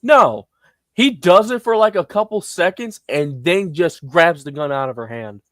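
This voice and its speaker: A young man talks through a film with a friend, joking, swearing and laughing as he acts out quotes. His voice sits a little high and swings widely in pitch. The recording is dry and close. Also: lively intonation, measured pace, a bit bright, no room sound. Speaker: podcast co-host. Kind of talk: casual film review chat.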